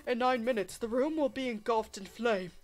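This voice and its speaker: A woman voicing a smug, cruel older man who speaks with slow, polite menace. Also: a little high, a little mellow, soft background music, lightly acted. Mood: taunting.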